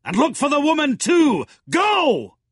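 A man doing a fanatical shouting church leader. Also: extremely high pitch, huge pitch swings, a little slow, no room sound, studio quality, voice pushed up, full character voice. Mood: commanding. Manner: barking orders, urgent. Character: fanatical male church president, commanding.

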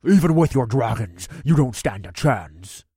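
A man's voice: medium pitch, animated, measured pace, dark tone, slightly rough, no room sound, clean studio sound. A man voicing a crude, leering male orc captain who mocks and taunts in a storybook reading. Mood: mocking.

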